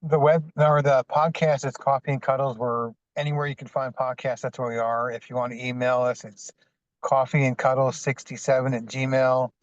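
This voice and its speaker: Flat-toned man on a dull, dry call line. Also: mid-range voice, normal speed, no echo. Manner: plain, sincere, grateful. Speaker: podcast guest, podcaster. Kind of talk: casual panel talk.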